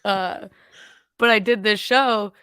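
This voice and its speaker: A woman's voice: medium pitch, normal speed, pushed and bright, clear, resonant tone, dry recording, studio quality. A woman comedian from California, a guest on a podcast, telling stories bluntly with laughter and acted-out quotes. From Sacramento, California. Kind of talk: casual chat.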